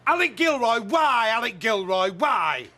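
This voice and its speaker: An actor playing a jealous pub landlord, suspicious and accusing, in a television soap drama. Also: male voice, very high-pitched, sing-song, unhurried, bright, forceful tone, exaggerated voice. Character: jealous, grumbling older male pub landlord.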